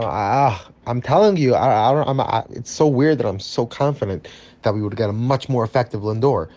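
A man reacting as a baseball fan in a ranting vlog, exasperated and repeating himself, then settling into calmer analysis. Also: medium pitch, lo-fi sound.

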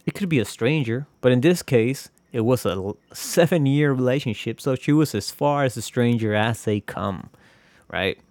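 A man's voice: medium pitch, expressive, moderate pace, a little mellow, dry recording. A young man hosting a podcast, talking in a casual, confessional ramble full of swearing and self-mocking jokes. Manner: profane, joking, rambling. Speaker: podcast host.

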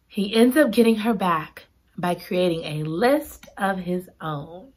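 A woman's voice: fairly low pitch, unhurried. A woman reviewing a romance novel in a casual, dramatic and gushing way. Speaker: book reviewer. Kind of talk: casual chat.

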